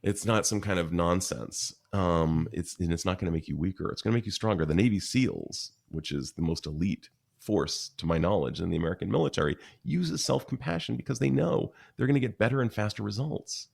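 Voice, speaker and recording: A man speaking as a podcast guest, earnest and warm in tone, sometimes stopping to search for the right word. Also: low voice, brisk, vocal fry, few pauses, slightly rough. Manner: earnest, searching for words mid-sentence. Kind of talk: conversational interview.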